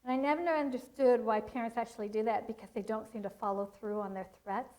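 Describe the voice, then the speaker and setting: A woman's voice: a little high, fairly even intonation, fast talker, dark tone, poor audio. A middle-aged woman giving a parenting seminar, telling stories and teaching in an earnest way. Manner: earnest, storytelling with acted quotes. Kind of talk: seminar talk with personal stories.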